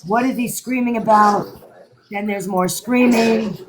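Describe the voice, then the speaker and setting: A woman on a live stream reading out and summarizing a call transcript in a flat, matter-of-fact way. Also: fairly high pitch, unhurried, a crowd in the background, poor audio. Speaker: live stream co-host recapping a trial. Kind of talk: casual live stream chat.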